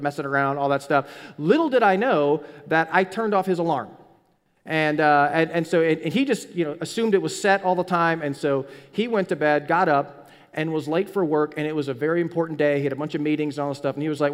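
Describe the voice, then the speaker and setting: A man's voice: on the high side, a little fast. A man preaching a sermon as pastor, telling stories animatedly and often restarting his words. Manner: animated storytelling with frequent restarts. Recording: long hall reverb.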